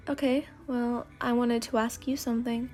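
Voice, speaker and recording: A woman's voice: fairly high pitch, level tone, moderate pace, a little mellow, soft background music, close to an everyday voice. A woman voicing an aloof, proud teenage boy in a whispered role-play, speaking curtly and composedly with a teasing edge. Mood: cool.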